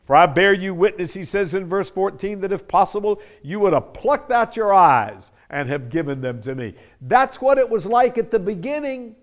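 A middle-aged male pastor preaching an expository sermon, acting out the verses he quotes with lively emphasis. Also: sits high, normal speed, few pauses.

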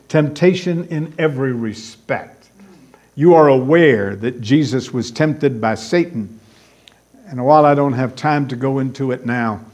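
A man's voice: mid-range voice, darkish tone. A man preaching a sermon, emphatic and repeating key words for stress.

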